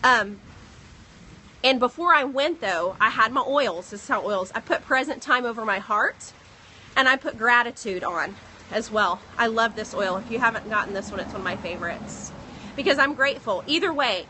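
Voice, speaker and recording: A pregnant woman telling a personal story in a casual vlog, recorded outdoors on a phone in the rain, animated as she retells what others said. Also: on the high side, rough recording. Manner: earnest, animated retelling with quoted dialogue. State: pregnant, second trimester. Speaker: vlogger. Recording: faint outdoor noise, rain.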